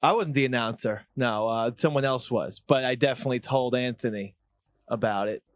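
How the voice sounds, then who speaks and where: A man's voice: medium pitch, fairly quick. A man chatting on a radio show in a hesitant, stammering, giggly way. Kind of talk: radio banter.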